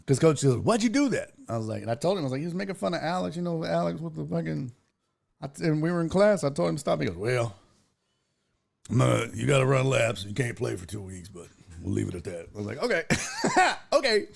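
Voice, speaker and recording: Profane, animated male stream host. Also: a little high, quick pace, vocal fry. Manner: profane, animated storytelling, reads chat aloud. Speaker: sports talk show host. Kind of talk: casual livestream chat. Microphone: headphones and desk mic.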